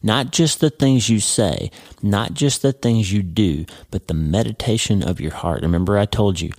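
A man's voice: fairly low pitch, normal speed, a little mellow, dry recording, studio quality. A man hosting a podcast, giving an earnest devotional teaching and speaking to the listener as a friend. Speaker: podcast host.

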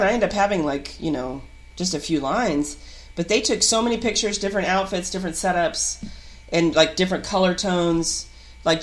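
A woman actor talking in a casual podcast chat, her voice sitting a little low. She tells stories in an animated way and breaks into laughs between excited bursts. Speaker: guest actor.

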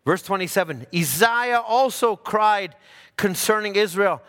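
A man preaching a sermon, dropping low for asides and rising loud for emphasis. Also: expressive, moderate pace. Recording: hall reverb.

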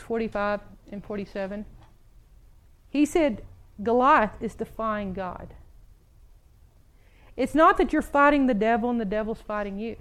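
Conversational woman preacher, fairly high voice. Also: poor audio. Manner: conversational, laughs between points, acts out quotes. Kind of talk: sermon.

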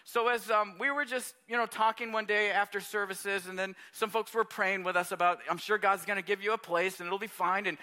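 High, bright-voiced animated preacher man. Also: fairly quick, hardly any pauses. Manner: animated, conversational, addresses congregation directly. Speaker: pastor. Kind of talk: sermon storytelling.

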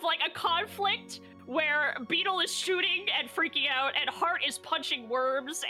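A woman recaps a tabletop role-playing session in a loose, chatty way. She sounds animated and laughs a lot, and she swears and acts out what the characters said. Her voice is bright and sits a bit high, with faint music playing underneath. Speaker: player recapping a tabletop game. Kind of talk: casual recap narration.

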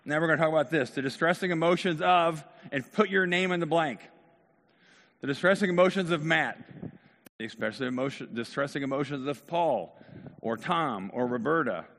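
A man's voice: on the high side, fairly quick, a bit bright. A man preaching a sermon, speaking in a conversational way and talking directly to his congregation. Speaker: pastor. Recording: long hall reverb.

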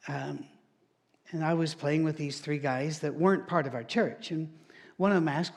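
Here a pastor speaks at a moderate pace, his voice a touch high and mellow. He tells stories with heavy emphasis as he preaches, slipping into altered voices to mock-quote others.

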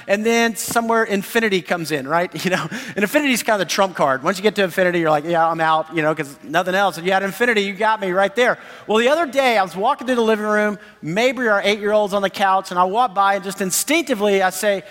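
Animated high-voiced male pastor, echoing hall. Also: quick pace, few pauses. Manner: animated, enthusiastic, laughs often. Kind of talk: sermon. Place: church sanctuary. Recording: long hall reverb.

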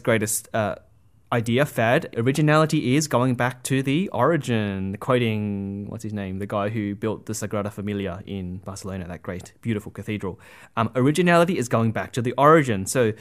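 A man's voice: mid-range voice, a bit bright. A man giving a conversational religious talk, earnest and full of asides like "you know" and "right?", often restarting his sentences. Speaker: Catholic speaker.

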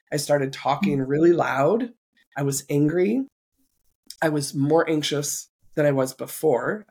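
Gravelly husky woman, podcast host telling her own story, earnest and reflective. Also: deep voice. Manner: earnest, reflective, occasional soft laughs. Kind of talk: personal storytelling interview.

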